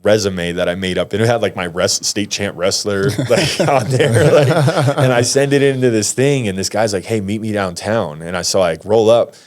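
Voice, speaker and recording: Male guest, 30s, American, low voice, slangy animated storyteller. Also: moderate pace, hardly any pauses. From United States. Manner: animated, slangy, acts out quotes. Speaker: podcast guest. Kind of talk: casual storytelling.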